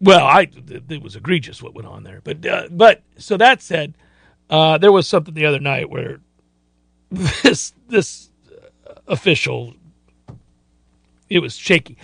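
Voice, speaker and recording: A man's voice: on the high side, lively intonation, measured pace, vocal fry, pauses often, a bit bright, dry recording. A man hosting a sports talk radio show, chatting casually and acting out other people's lines.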